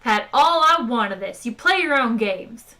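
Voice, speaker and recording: A boastful, swaggering male adventurer, as a woman reading aloud puts him on. He talks loudly and cockily, and the voice rides high. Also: normal speed. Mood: brash. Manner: loud, cocky, shouting.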